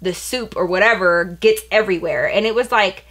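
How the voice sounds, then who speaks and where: A young woman beauty vlogger tells a story in a loose, chatty way while she gets ready. She is animated and blunt, and she fills her sentences with "like" and casual slang. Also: medium pitch, moderate pace.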